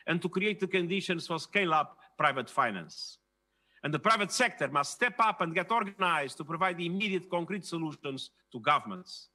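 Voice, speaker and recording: An older man delivering a formal prepared speech at a leaders' dialogue, measured and emphatic. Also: high-pitched, pushed and bright. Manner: measured, emphatic, stressing key phrases. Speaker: keynote speaker at a leaders' dialogue.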